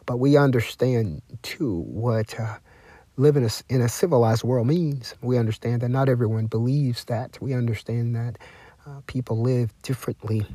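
A man hosting a talk broadcast, lecturing slowly and repeating himself while he speaks of himself in the third person. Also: mid-range voice, warm tone, husky, dry recording. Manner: deliberate, repetitive, refers to himself in the third person; lecturing, with drawn-out emphasis and spelled-out words. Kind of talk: self-promoting monologue.

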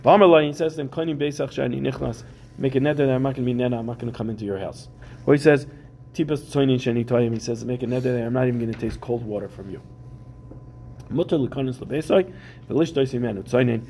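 A man teaching a Talmud class, his voice gravelly and mellow with a dark, relaxed tone. He reads the Aramaic text and then explains it in casual English with everyday examples for his students in a classroom. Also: medium pitch, fast talker, a little hiss or hum.

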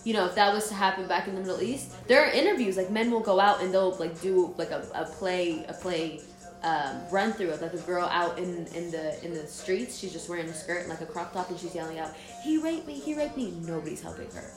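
A young woman from Jordan in casual podcast chat, an animated storyteller who swears freely. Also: fairly low pitch, a little fast, roomy sound, music in the background.

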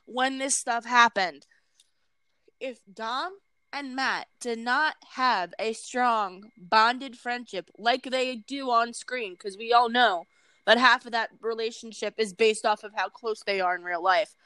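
A woman's voice: fairly high pitch, slow, pushed and bright, smooth, no echo, poor audio. A woman hosting a casual chat, speaking in an earnest and emphatic way. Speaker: host.

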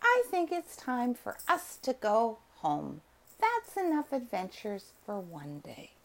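A woman's voice: on the high side, huge pitch swings, slow pace, full character voice. A woman voicing a tired, earnest little male lion cub in a bedtime story.

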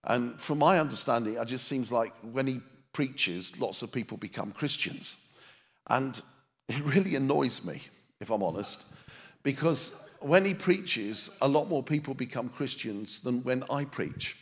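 A man's voice: mid-range voice, expressive, unhurried, fairly bright tone. A man preaching a sermon as a pastor, telling self-deprecating stories with comic timing to a live audience. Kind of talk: sermon with humorous storytelling. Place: church meeting with a live audience. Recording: long reverb of a church hall.

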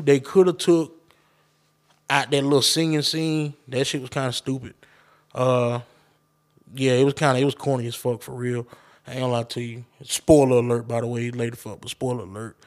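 A man hosting his own podcast, ranting casually and profanely straight to his listeners. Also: medium pitch. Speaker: podcast host. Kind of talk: casual solo podcast rant.

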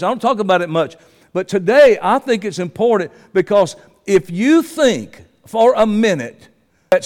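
Impassioned preacher in a reverberant hall. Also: male voice, sits high. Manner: rambling, impassioned, rising to shouts. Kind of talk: sermon.

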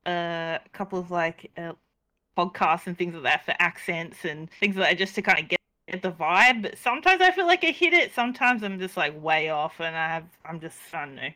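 A young-sounding woman talks casually on a podcast with a bright, forceful tone. She giggles often and hesitates through plenty of ums and uhs. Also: on the low side, lively intonation, fairly quick. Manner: giggly, hesitant, many fillers. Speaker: roleplay player, podcast guest.

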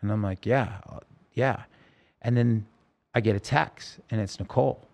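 A man as an interview guest, telling a personal story in halting speech with frequent restarts and self-corrections. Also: fairly low pitch, creaky, darkish tone.

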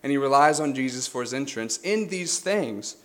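A man preaching a sermon in an earnest, measured way, now and then correcting himself. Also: medium pitch, animated, a bit bright.

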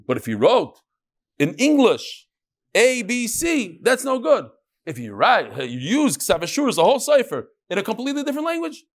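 A man teaching a Talmud class, asking and answering his own questions in an animated, rhetorical way. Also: sits high, normal speed.

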